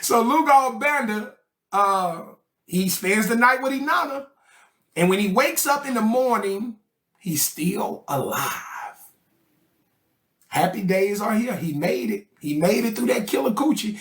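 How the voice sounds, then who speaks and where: A man's voice: extremely high pitch, expressive, unhurried, bright, forceful tone. A man teaching a study group in a casual, joking way, full of slang and checks like "okay?" and "right?". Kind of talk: casual explanatory lecture.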